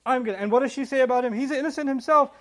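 Fast-talking, animated male scripture teacher. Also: extremely high pitch. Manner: animated storytelling, laughs, acts out scenes. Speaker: religious teacher. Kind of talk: scripture lesson.

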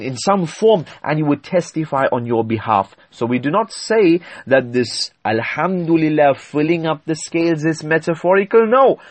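A man's voice: on the high side, a little mellow, no room sound. A man giving an Islamic sermon, explaining terms in an emphatic, teaching manner with frequent hesitations. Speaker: Islamic preacher.

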